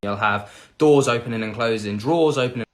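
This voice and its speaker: A man's voice: medium pitch, a little fast, background noise. A man in a casual phone clip, recounting strange events in a matter-of-fact way.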